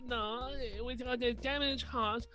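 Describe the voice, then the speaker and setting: A man's voice: very high-pitched, steady tone. A man putting on a fussy girl tank club vice president. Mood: flustered. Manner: halting, exaggerated put-on accent. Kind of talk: playing a dating game for laughs.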